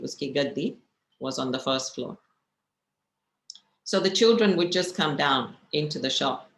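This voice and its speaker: A woman with a deep voice leads a spiritual meditation class, sharing stories and posing rhetorical questions to her listeners. The room is echoey and the recording sounds rough.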